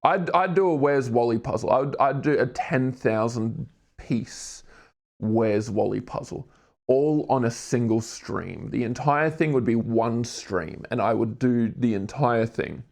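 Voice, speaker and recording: A man's voice: mid-range voice, expressive, measured pace, vocal fry. A man in his twenties with an Australian accent, live-streaming while doing a jigsaw puzzle, rambling and joking at his own expense, with casual swearing. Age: 20s. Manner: rambling, jokey, self-mocking, swears casually.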